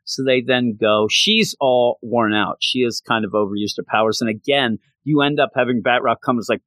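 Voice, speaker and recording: A man casually recapping a comic book in an excited, chatty way. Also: mid-range voice, moderate pace, hardly any pauses, no room sound. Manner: excited, chatty, acts out lines.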